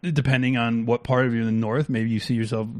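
A man's voice: mid-range voice, fairly even intonation, quick pace. A man co-hosting a talk stream, reacting to clips in blunt, crude, heated talk with many restarts. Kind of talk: casual profane commentary.

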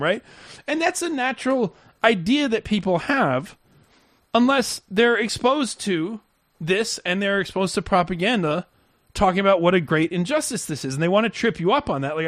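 A man hosts a heated political talk, rambling, mocking, and restarting his sentences over and over. His fairly high voice swings widely in pitch. The sound is dry and close. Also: animated, moderate pace, a bit bright, dry recording.

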